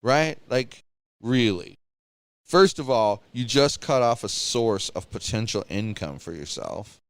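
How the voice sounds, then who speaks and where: Animated ranting male podcast co-host. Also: mid-range voice, takes it slowly, no echo. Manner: animated, ranting, mocking quotes. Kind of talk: casual chat.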